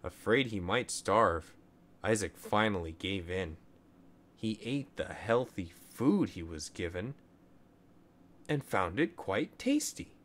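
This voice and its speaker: A man reading a children's story aloud as the show's storyteller, in a gentle and expressive way. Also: lowish voice, slow.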